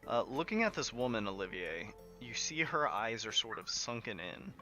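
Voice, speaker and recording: A man's voice: on the low side, very animated, normal speed, sharp tone. A man narrating as game master of a tabletop game, in a casual, filler-heavy way. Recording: background music under the voice.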